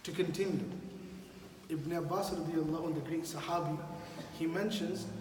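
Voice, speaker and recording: An imam preaching in a mosque hall, his fairly high voice booming with emphasis as he repeats key phrases and questions his listeners. He is heard from a distance, with a long reverb trailing each phrase and faint ambience behind. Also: steady tone, normal speed, a little hiss or hum. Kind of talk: sermon. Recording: echoey hall, from far off.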